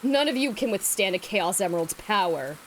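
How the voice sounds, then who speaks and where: A woman's voice: mid-range voice, lively intonation, brisk, slight background noise, lightly acted, poor audio. Shadow, a woman reading a brooding angsty hedgehog. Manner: angsty, sulky.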